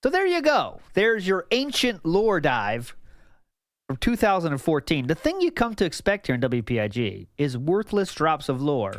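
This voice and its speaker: A man's voice: a little high, sing-song, normal speed, no echo, clean studio sound. A man streaming casually, rambling and laughing as he reacts to old clips for chat. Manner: rambling, laughs often, jumps between topics.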